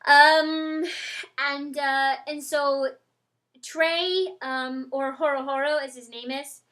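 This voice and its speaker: A young woman chatting casually to her webcam, rambling with lots of ums and restarts and getting excitable. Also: sits high, slow pace. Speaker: vlogger. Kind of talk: casual chat to camera.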